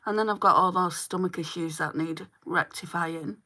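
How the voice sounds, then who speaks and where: A woman in her forties with a Lancashire accent, chatting through a live makeup tutorial and answering viewer comments, her throat a little hoarse. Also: fairly low pitch, steady tone, normal speed, bright, forceful tone. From Northwest England. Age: 40s. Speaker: makeup livestreamer.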